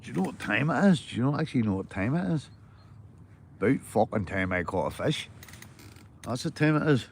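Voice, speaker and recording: Northern Irish man, mid-pitched, casual streaming banter, swears freely, faint ambient noise. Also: very animated, fairly quick, creaky. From Northern Ireland. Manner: easygoing banter, swears freely, says "mate" constantly. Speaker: livestreaming angler. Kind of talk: casual chat to livestream viewers.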